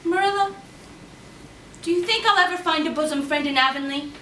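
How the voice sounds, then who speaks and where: A talkative, imaginative orphan girl voiced by an actress pours out her words in a high, bright, effusive stream. It is a stage play, caught from a distance in a roomy hall. A faint hiss sits under it. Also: brisk. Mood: enthusiastic. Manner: gushing, breathless and effusive. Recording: echoey hall, distant mic, faint noise.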